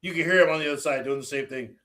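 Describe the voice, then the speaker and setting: A man's voice: a little high, racing. A man telling stories in loose, profane podcast chat, acting out the lines of people he quotes. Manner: profane, animated storytelling, acts out quotes. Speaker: podcast co-host. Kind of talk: casual chat.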